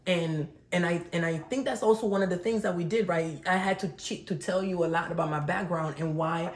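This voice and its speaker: African woman chatting w her partner, lowish voice, laughs a lot, roomy echo. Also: brisk. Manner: laughs often, frank, excitable. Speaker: co-host. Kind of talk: casual couple's conversation.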